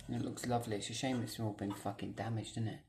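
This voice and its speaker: A young woman, vlogging at home. She swears constantly and swings between low mutters and angry shouting. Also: fairly even intonation, fast talker, background noise. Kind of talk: casual vlog rant. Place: home, indoors.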